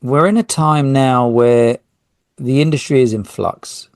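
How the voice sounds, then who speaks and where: A man's voice: mid-range voice, a little slow, a little mellow, dry recording. A man hosting a solo podcast, talking in a rambling, self-interrupting way with jokey asides. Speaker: podcast host.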